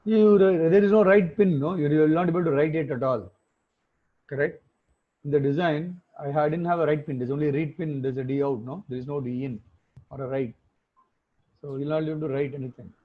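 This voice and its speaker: Husky male instructor on a lo-fi call. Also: a little high, steady tone, fast talker, pauses often. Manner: explanatory, frequent tag questions. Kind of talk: online class lecture. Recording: phone-like muffled call audio.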